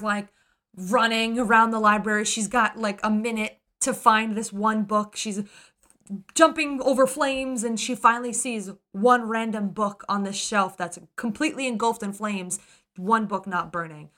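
Woman co-host, bright forceful voice, animated casual storyteller. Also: mid-range voice, unhurried. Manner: animated retelling, acts out characters, gets emotional. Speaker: podcast co-host. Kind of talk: casual book discussion.

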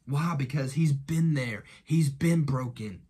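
A man's voice: mid-range voice, unhurried, warm tone, breathy edge. A man giving an earnest devotional talk with a repetitive preaching rhythm that stacks up parallel phrases.

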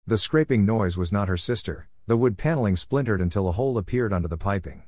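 A man reads a scripted story in a measured, even way. His voice sits low. The recording is dry and close, with no room sound. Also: no echo.

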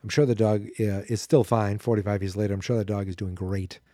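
Male podcast host, dry close mic, mellow tone, loose self-correcting movie recap. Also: on the low side, steady tone, fairly quick, no echo. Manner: rambling, chatty, self-correcting. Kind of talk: casual movie recap commentary.

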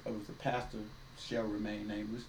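A man co-hosts a casual faith-based podcast, his lowish voice moving little in pitch as he talks a bit fast. His style is folksy and preachy, with voices quoted along the way, and the audio carries roomy echo, faint ambience, a distant mic, and a touch of hiss or hum.

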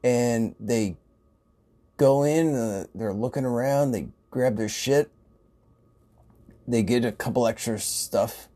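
A man's voice: mid-range voice, slow, pauses often, dark tone. A man who works in a grocery store, telling casual stories in a rambling way, swearing and laughing often. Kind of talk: casual storytelling.

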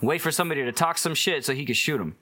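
A young comedian chats as a podcast guest, speaking fast in a bright, forward voice. He tells his stories in a quick, easygoing way. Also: a little high. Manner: quick, relaxed storyteller. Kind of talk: casual podcast chat.

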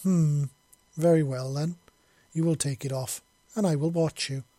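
A man voicing a fierce, commanding alien warrior woman who speaks in a stern, domineering and halting way. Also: fairly high pitch, fairly even intonation, dark tone, no echo. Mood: menacing.

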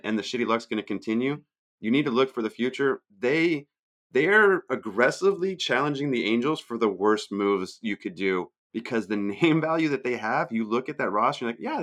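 A man's voice: medium pitch, fairly bright tone. A man co-hosting a sports podcast, giving blunt, dismissive analysis in casual chat. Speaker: podcast co-host.

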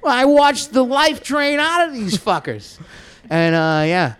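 A man's voice: very high voice, sing-song, a little slow, fairly bright tone, clear, resonant tone. A man guest on a podcast, telling a long story in a profane, rambling way and laughing as he goes.

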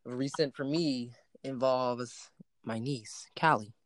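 Male podcast host, mid-pitched, relaxed storyteller, dry booth sound. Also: takes it slowly, no echo. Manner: storytelling, animated retelling with quoted dialogue. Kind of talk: casual chat.

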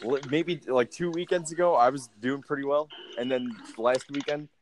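A man's voice: mid-range voice, fairly even intonation, moderate pace, slight background noise. A young man in casual chat over voice chat, laughing often and swearing freely.

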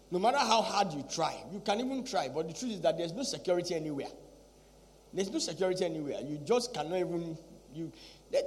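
A man with a high voice preaches a sermon, and his words ring out with a long echo, as if from a large hall. He repeats his lines for weight and keeps firing rhetorical questions at the congregation. His delivery stays emphatic and insistent. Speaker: pastor.

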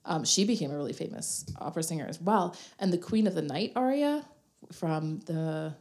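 A woman's voice: fairly low pitch, expressive, normal speed, a little mellow. A young adult woman co-hosting a casual podcast, chatty and giggly with lots of fillers. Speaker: podcast co-host. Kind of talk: casual chat.

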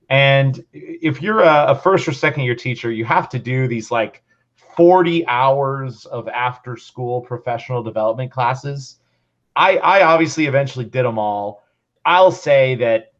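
A young man who teaches, hosting a casual podcast and telling a story with animated, playful reenactments of his own thoughts. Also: mid-range voice. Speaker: podcast host. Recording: slightly dull lo-fi sound.

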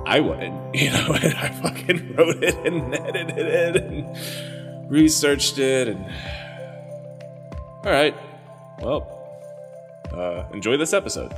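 A man's voice: fairly high pitch, sing-song, slow, pauses often. A man recording a rambling, self-deprecating disclaimer for his podcast. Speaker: podcast host. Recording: roomy reverb with loud music behind. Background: guitar music.

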